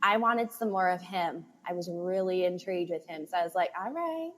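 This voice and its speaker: A woman's voice: fairly low pitch, a little fast, a bit bright, a little hiss or hum. A woman co-hosting a book podcast, chatting with enthusiasm and frequent giggles. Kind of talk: casual book chat.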